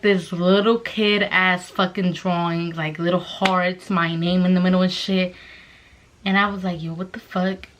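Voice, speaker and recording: A woman's voice: fairly low pitch, a bit bright. A young woman telling a storytime vlog at home late at night, in a profane, exclamatory way. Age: young adult. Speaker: vlogger.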